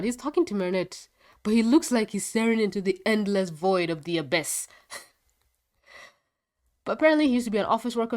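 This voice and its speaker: A woman with a congested voice chatting through a casual video review, rambling and quick to laugh. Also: medium pitch. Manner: a bit foggy and scattered. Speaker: show reviewer.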